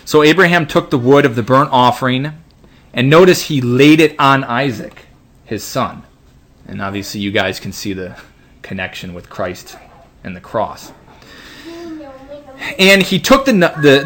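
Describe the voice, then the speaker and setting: A man's voice: mid-range voice, a bit bright. A man teaching a Bible study, reading scripture aloud and then commenting in a casual way, with frequent restarts and fillers.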